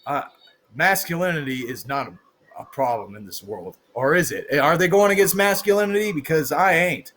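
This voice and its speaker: A man freestyling rambling rhymes while playing a video game, with sudden shouted bursts and a hoarse, worn voice. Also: a little high, expressive, normal speed. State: hoarse, losing his voice. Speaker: gaming streamer. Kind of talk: let's-play commentary with freestyle rapping.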